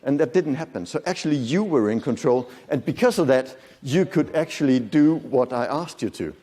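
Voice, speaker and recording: A man's voice: mid-range voice, lively intonation, moderate pace, mellow. Man in his fifties lecturing in a reverberant hall. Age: 50s. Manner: conversational, joking, quizzes the audience. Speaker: conference lecturer. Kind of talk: live lecture to an audience. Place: large conference hall.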